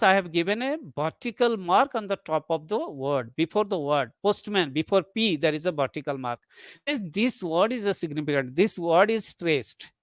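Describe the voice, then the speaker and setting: A lecturer speaking in a webinar, working through ideas step by step and repeating key terms. The voice sits at a middle pitch and is recorded dry and close, with no room sound around it. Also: no room sound. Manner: explains step by step, repeats terms and reads example sentences aloud. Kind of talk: webinar lecture on English intonation. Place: online webinar.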